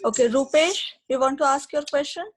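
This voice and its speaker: A woman's voice: sits high, a little fast, rough recording. A woman moderating an online class, politely calling on students and keeping things organized. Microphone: video call.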